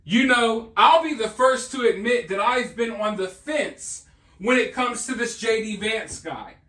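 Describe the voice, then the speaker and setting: A man with a very high-pitched voice hosts an opinionated political monologue. He speaks emphatically and with scorn, addressing the viewers directly. The room around him is echoey and reverberant. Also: animated, measured pace, pushed and bright. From Southern United States. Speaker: political commentary host.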